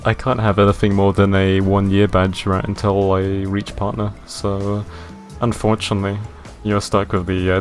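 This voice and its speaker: Male streamer, low voice, rambling and self-mocking, faint music behind. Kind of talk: casual gameplay commentary.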